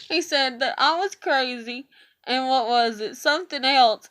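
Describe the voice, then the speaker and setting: A woman's voice: on the high side, expressive, normal speed, fairly bright tone. A woman vlogging a casual, irritated rant, swearing often and acting out conversations in quoted voices.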